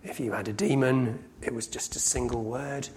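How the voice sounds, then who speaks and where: A man preaching a sermon, telling a story in a conversational way and often slowing down to emphasize lines. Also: mid-range voice, steady tone. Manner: conversational storytelling with sudden loud acted cries.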